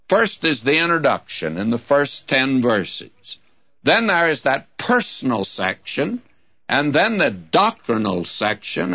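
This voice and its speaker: A man teaching through a Bible epistle in an emphatic, lively preaching cadence. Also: medium pitch. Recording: dull lo-fi broadcast recording.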